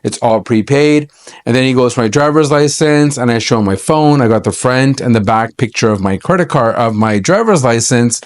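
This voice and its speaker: A man's voice: medium pitch, lively intonation, moderate pace. A middle-aged man from Canada, an accountant, telling a personal story to camera in a chatty, aggrieved way with many fillers and restarts.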